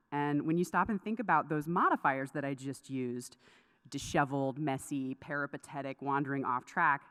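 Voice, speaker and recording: Woman w a light lecturing, low voice, chatty, bit of hall echo. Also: clear, resonant tone. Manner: chatty, self-interrupting, laughing asides. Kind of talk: conference craft lecture. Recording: lecture hall with long reverb.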